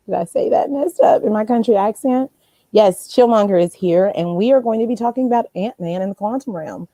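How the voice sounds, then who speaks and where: A woman hosts a casual live stream, chatting loosely and calling out viewers' names as they arrive. Her voice is mellow and soft-edged. The sound is dry and close. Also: mid-range voice, moderate pace, no echo. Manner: chatty, rambling, greets viewers by name.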